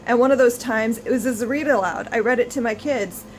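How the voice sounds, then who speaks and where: A woman book vlogger in her thirties talks casually to camera, effusive and full of restarts. Her voice sits a little high, and a faint hiss runs under the home recording. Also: fairly quick, low-quality recording. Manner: gushing, effusive, lots of restarts.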